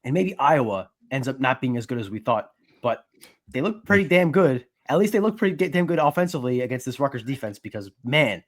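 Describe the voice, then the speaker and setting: A man's voice: medium pitch, sing-song, a little fast. A male sports reporter talking casually on a podcast, analytical with dry jokes. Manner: analytical, dryly joking.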